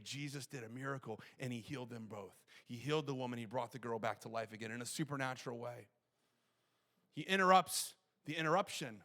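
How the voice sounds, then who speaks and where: A male pastor preaching a sermon in an animated way, acting out quoted lines and dropping to quiet intensity for tender moments. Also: medium pitch.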